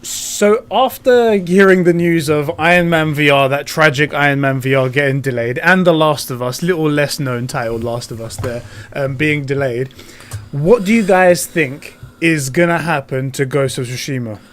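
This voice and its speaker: A man hosting a gaming podcast, upbeat and chatty, quick to laugh and egg on his guests. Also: on the high side, fairly bright tone. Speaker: podcast host. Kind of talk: casual gaming podcast chat.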